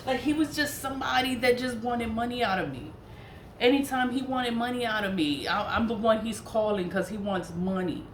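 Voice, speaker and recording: A woman telling a personal story in a casual monologue, blunt and profane, repeating herself for emphasis. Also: a little high. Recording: echoey room with faint background noise.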